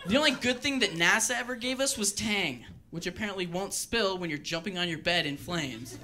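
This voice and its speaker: A man doing a stand-up routine on a club stage, wry and deadpan with rambling asides. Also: sits high, fairly quick, background noise. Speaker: stand-up comedian.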